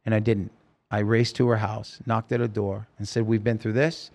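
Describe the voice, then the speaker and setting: A man, a guest on a podcast, retelling a personal story in a halting, rambling way with many fillers and restarts. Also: fairly low pitch, level tone, darkish tone. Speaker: podcast guest, rock singer.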